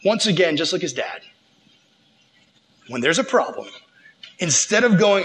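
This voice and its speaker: Animated young man preaching a casual sermon. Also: high-pitched, measured pace, long pauses. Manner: animated, slangy, acts out the characters. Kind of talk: casual sermon, retelling scripture.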